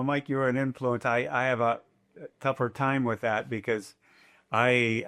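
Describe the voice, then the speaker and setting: An older man speaks as a podcast guest, a race announcer recalling how he started. His voice sits at an ordinary middle pitch. He talks in a lively, chatty way and often acts out what he said back then. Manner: lively, chatty, fond of quoting himself. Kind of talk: casual storytelling.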